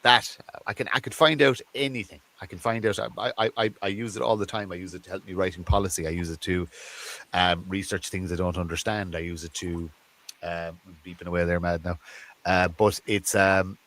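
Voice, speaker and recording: A man's voice: low voice, steady tone, brisk, fairly bright tone. A man with an Irish accent, a guest in a podcast interview, talking in a reflective way and repeating words as he thinks. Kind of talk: conversational interview.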